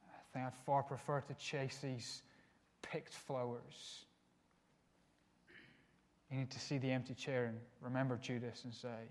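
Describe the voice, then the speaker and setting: A man preaching a sermon in an earnest way, dropping to hushed lines and rising for emphasis. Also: medium pitch, level tone, measured pace, pauses often. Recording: long reverb of a hall.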